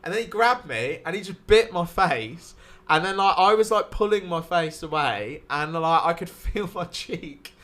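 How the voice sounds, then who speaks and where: A man's voice: on the high side, expressive, normal speed, few pauses, sharp tone. A man, a podcast guest telling a rambling night-out story with swearing and laughter. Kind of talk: casual storytelling.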